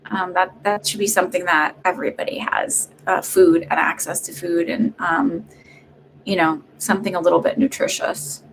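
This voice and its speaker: A psychic medium does paid live readings on a stream, rambling and chatting with lots of fillers and restarts. Her voice is fairly low, gravelly and steady, at a normal speed, with slight background noise.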